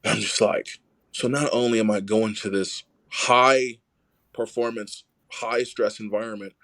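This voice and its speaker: A young adult man telling a story in casual conversation, animated and full of "like" fillers, acting out the quoted dialogue. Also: fairly low pitch, a little slow. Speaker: rugby player, podcast guest.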